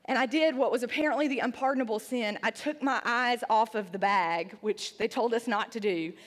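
Chatty high-voiced woman storyteller. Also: brisk, long reverb tail. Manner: chatty, self-deprecating, many "like" fillers. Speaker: speaker. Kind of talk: humorous personal story to an audience.

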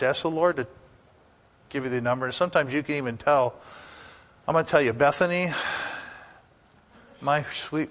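A man's voice: medium pitch, fairly bright tone. An older man, a pastor, preaching a sermon in a folksy, anecdotal way, asking the congregation rhetorical questions.

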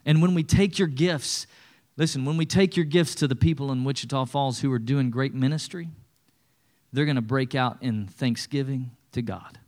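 A middle-aged male pastor preaching a conversational sermon, with lively acted-out asides. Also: medium pitch, moderate pace.

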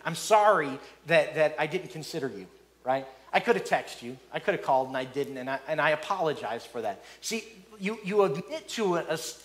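A middle-aged male pastor delivering a sermon in a notably high voice. He talks in an animated way, doubles up his words and slips into little acted-out voices for the people he quotes. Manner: animated, repeats words, acts out quoted speakers.

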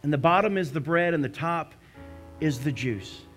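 Male pastor, high tenor, impassioned sermon delivery with hushed prayerful stretches, faint music under. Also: expressive, moderate pace. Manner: impassioned storytelling, rising to cries then hushing to prayer.

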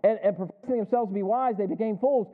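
This clip has a tinny, phone-like sound and features a man preaching in church. As pastor, he talks quickly in a high voice, folksy and full of jokes, often testing the congregation with questions.

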